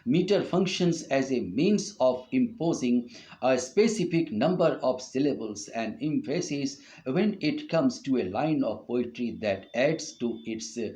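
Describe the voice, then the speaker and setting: A middle-aged man with an Indian English accent giving an online university lecture on poetry, speaking slowly and often pausing on "uh". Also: mid-range voice, expressive, dark tone. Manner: slow, hesitant delivery with frequent "uh" fillers. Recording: dull lo-fi online class audio.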